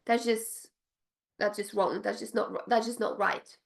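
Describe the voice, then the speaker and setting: With a mid-range voice, vocal fry and a measured pace, a woman coaching spiritual entrepreneurs makes a direct-to-camera pitch. Her delivery is gushing and emphatic, full of repeated phrases and sudden excited laughter.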